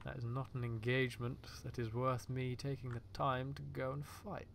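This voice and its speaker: A man streams himself playing a tank game, talking through each move in a gravelly voice with mid-range pitch. He swears casually and jokes with his chat. Faint keyboard clicks tick along behind him. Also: flat delivery, moderate pace, a bit bright, a little hiss or hum. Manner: profane, joking chatter with his chat. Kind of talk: live gameplay commentary.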